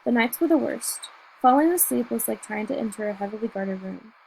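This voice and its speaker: A woman reading a novel aloud in first person, telling the story in a steady, measured way. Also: fairly high pitch, creaky, a little hiss or hum, low-quality recording. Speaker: audiobook reader.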